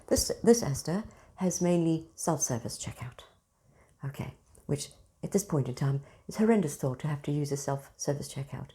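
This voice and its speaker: A woman, hosting and telling everyday stories in a casual, expressive monologue. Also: low voice. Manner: animated, expressive storyteller. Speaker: spiritual centre host.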